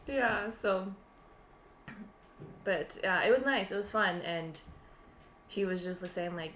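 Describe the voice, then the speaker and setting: Woman, podcast co-host, rambling storyteller, lots of fillers, mid pitch, roomy echo. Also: takes it slowly, long pauses, a little hiss or hum. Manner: rambling, animated retelling with frequent laughs and fillers. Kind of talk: casual storytelling chat.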